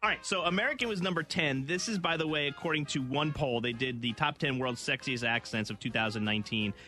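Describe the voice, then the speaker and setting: A man's voice: medium pitch, quick pace, bright, forceful tone, faint music behind. A man hosting a morning radio show, bantering and reading out a countdown list. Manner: playful, reads out lists. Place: radio studio.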